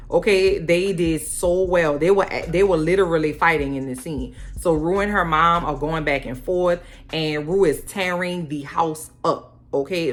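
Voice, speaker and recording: Low-voiced woman in an animated recap chat. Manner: animated, colloquial, acts out characters' lines. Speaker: recap vlogger.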